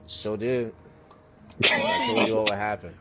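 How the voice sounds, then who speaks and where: A man's voice: lowish voice, huge pitch swings, unhurried, loud music behind the voice. A man chatting casually with friends, slangy and joking. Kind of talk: casual group chat.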